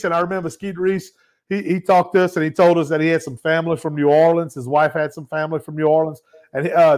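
A man hosting a casual podcast, telling a story with lively energy. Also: a little high. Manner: animated storyteller, acts out quoted voices. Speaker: podcast host.

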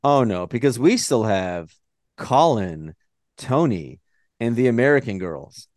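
A man from Texas with a Texan accent, co-hosting a casual movie-review podcast and ranting in a profane, animated way. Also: medium pitch, unhurried, no room sound, studio quality. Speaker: podcast co-host.

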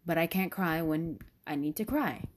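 A woman's voice: low voice, moderate pace. A young woman hosting her own podcast, chatting casually and rambling with many fillers. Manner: rambling, animated, lots of fillers. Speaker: podcast host. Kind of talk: casual solo podcast chat.

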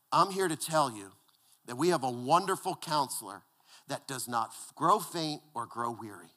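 A male pastor preaching a conversational sermon, repeating words and dropping to a hushed, low voice for emphasis. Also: expressive, moderate pace.

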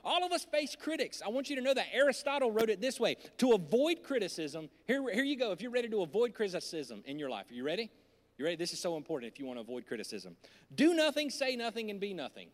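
A male pastor, preaching an animated sermon that swings from loud to hushed into a handheld microphone. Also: high-pitched, fast. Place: church auditorium. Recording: reverberant church hall.

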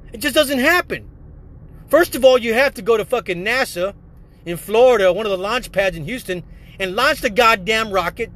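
A man hosting a solo podcast, ranting angrily with heavy swearing and repeatedly addressing his listeners as folks. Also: a bit bright. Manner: angry, profane, ranting; repeats "folks", drops low on it. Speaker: podcast host.

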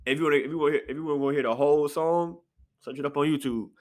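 A man hosting a casual solo podcast from his apartment, swinging between sudden high exclamations and low mutters. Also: very fast. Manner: animated, jumps into sharp high outbursts then drops to low mutters. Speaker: podcast host. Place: apartment room.

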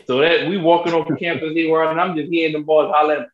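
Young guy on a sports pod, slightly high voice, roomy dull lo-fi sound. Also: racing, hardly any pauses. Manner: animated storyteller, acts out quotes in a high voice. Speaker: podcast co-host. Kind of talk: casual sports podcast chat.

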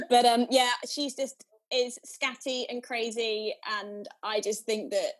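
A woman co-host chatting casually, warm in tone, laughing often and stretching out her phrases. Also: on the high side, slow. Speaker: podcast co-host. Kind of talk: casual chat.

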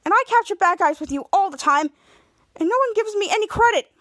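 Brief: woman reading a whiny, indignant teen boy sidekick; light, high voice. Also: animated, fairly quick, fairly bright tone, no room sound. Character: jealous teenage boy superhero sidekick.

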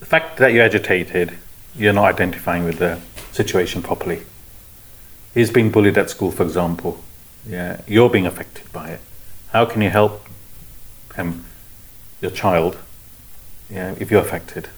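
Low-voiced man teaching calmly. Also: normal speed, pauses often, low-quality recording. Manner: calm, explanatory, repetitive phrasing. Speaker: spiritual teacher. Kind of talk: teaching discussion.

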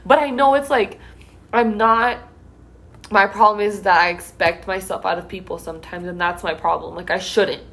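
A woman's voice: mid-range voice, fairly even intonation, normal speed, a bit bright. A young woman hosting a casual chat, talking earnestly and emotionally, close to tears. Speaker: host.

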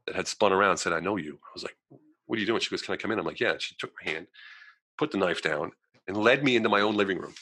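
Fast-talking deep-voiced man telling his story. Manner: animated, acts out quoted voices, frequent "you know" fillers. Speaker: guest. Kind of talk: personal storytelling in conversation.

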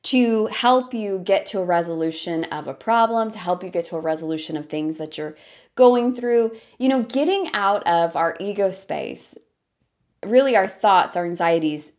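A woman in her thirties hosting her own podcast, talking earnestly and thinking aloud with lots of fillers. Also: medium pitch. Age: 30s. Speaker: podcast host. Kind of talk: reflective solo podcast talk.

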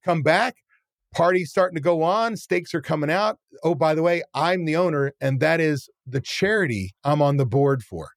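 A man's voice: fairly high pitch, moderate pace, dry recording, clean studio sound. A man who owns a restaurant, chatting casually and animatedly, acting out scenes and swearing bluntly. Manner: animated, acts out scenes with quoted voices. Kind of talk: casual chat, storytelling.

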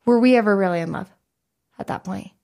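A woman's voice: mid-range voice, brisk, gravelly, darkish tone. A woman co-hosting a podcast, talking frankly and candidly in casual chat, with free swearing. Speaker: podcast co-host.

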